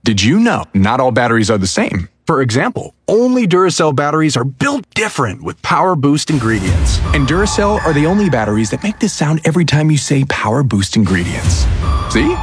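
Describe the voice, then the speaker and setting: Man, playful upbeat ad read, lively pitch, music behind. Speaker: ad announcer. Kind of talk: scripted ad read.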